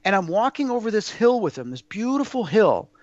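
In a muffled recording without echo, a high-pitched man speaks briskly in a sing-song manner. He's a guest telling personal stories in a casual interview, earnest and rambling, restarting often and using lots of fillers.

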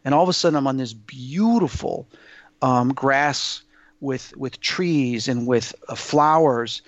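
A man telling a personal story as an interview guest, in an awed, halting way with many restarts. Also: mid-range voice, no room sound, muffled recording.

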